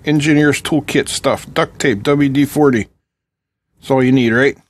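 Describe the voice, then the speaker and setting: A man's voice: medium pitch, moderate pace. A middle-aged man hosting a casual electronics tutorial at his home workbench, joking and chatting with viewers while he solders and tests a board. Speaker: electronics channel host.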